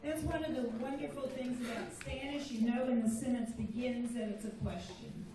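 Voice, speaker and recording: A woman teaches simple Spanish phrases to a crowd of students in a school room, patiently saying each one again so they can echo it back. Her voice is on the high side, steady in tone, at normal speed. The mic is distant, and the echoey room was recorded from afar with the crowd audible.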